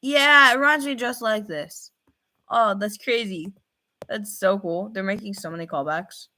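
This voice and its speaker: A young woman in casual reaction commentary, excitable, thinking out loud with fillers and repeated phrases. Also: mid-range voice, measured pace, a little hiss or hum. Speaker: reaction video host.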